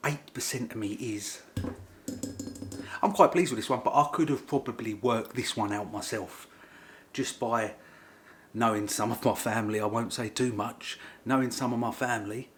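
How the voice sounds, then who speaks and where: A man's voice: mid-range voice, moderate pace, fairly bright tone, a little hiss or hum. Playful man repeating his punchlines. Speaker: vlogger sharing DNA results. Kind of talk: casual talk to camera.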